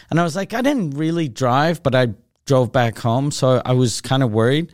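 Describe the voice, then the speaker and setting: A man's voice: mid-range voice, moderate pace, no echo, clean studio sound. A man in his thirties, a comedian hosting a podcast, telling a story in casual chat, swearing a lot and acting out both sides of the conversation. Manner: animated, swears constantly, acts out both sides of dialogue.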